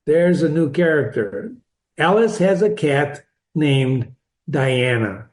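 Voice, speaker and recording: An older man with a fairly high voice reads a classic novel aloud and pauses to explain it like a friendly teacher. He wanders into digressions and chuckles at his own asides. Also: lively intonation, darkish tone. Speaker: reader and teacher. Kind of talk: reading a novel aloud with commentary.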